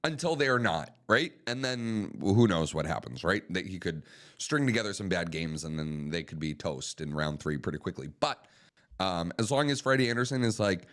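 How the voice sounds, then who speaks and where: A man's voice: deep voice, animated, moderate pace, a bit bright. A man co-hosting a casual sports talk show, making dry, wry remarks between hesitant fillers. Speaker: co-host.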